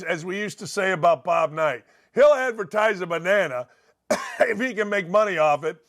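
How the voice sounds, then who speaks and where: A man's voice: high-pitched, a bit bright. Blunt, heated man ranting. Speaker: sports talk show host. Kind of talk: opinion rant.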